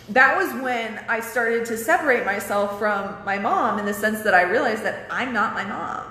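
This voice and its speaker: A woman's voice: a little high, lively intonation, moderate pace, hardly any pauses, pushed and bright, reverberant, in a large hall. Young woman telling a candid personal story. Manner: candid, frequent swearing, loses her train of thought. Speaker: vlogger.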